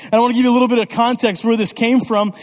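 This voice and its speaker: A man preaching a sermon as youth pastor, lively and conversational, often checking in with "okay?" and "all right?". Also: very high-pitched, rapid-fire. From Italy. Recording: long reverb of a church hall.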